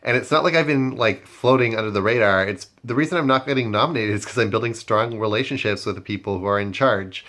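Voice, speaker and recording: A man's voice: fairly low pitch, quick pace, hardly any pauses, a bit bright. A man talking casually in a confessional about his moves in a game, with frequent fillers. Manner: casual, filler-heavy talk. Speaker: game player.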